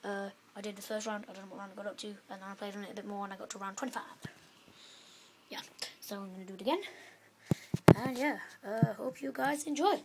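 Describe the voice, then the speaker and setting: A woman's voice: mid-range voice, fairly even intonation, quick pace, a little hiss or hum, poor audio. A woman giving rambling, playful commentary over her gameplay, full of fillers like "um".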